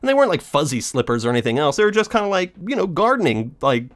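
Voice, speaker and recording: A young man vlogging a casual story about his day, swearing freely and sarcastically mimicking people he met. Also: racing. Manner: animated, profane, sarcastic, mimics others in high voice.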